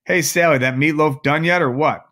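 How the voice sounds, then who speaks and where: A man's voice: mid-range voice, fairly quick, a bit bright, natural voice. A man voicing a boorish, bullying middle-aged stepfather who growls and sneers in a raised voice. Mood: sneering.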